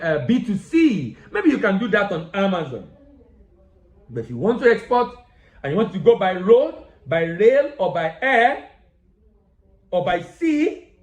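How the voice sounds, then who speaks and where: A man's voice: sits high, reverberant, poor audio. A man hosting a business lesson, talking straight to his viewers, working through a numbered checklist and repeating his key phrases for emphasis. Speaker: export business educator, show host. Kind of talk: instructional talk to camera.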